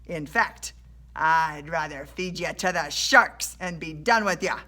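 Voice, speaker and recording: A woman voicing a burly, angry male sailor who growls and shouts in a rough pirate-style way. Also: sits low, takes it slowly, exaggerated voice. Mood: menacing.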